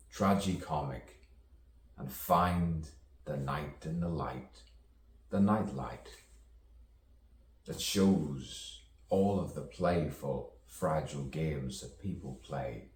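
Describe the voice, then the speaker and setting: A man with an extremely deep voice delivers a spoken-word monologue slowly, leaning on rhythm, repetition and wordplay. He sounds set back from the mic in an echoey room. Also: a little mellow, distant mic, a little hiss or hum.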